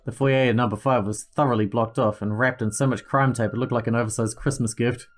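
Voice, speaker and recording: A man's voice: medium pitch, a little fast. A man hosting a gaming channel, reading an interactive story game aloud, with small slips he corrects. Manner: steady reading, occasional slips and self-corrections.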